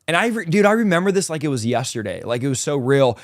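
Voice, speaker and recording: A man telling an emotional personal story in casual conversation, animated and informal, saying "dude" and "like" a lot. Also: on the high side, fast, dry recording, clean studio sound. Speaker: guest telling his testimony.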